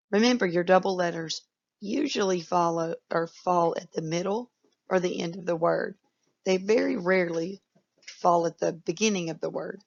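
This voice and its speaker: A woman's voice: fairly low pitch, vocal fry, a little mellow, muffled recording. A woman teacher giving a patient phonics lesson to young children, drawing out each word. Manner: patient, instructive, drawn-out words.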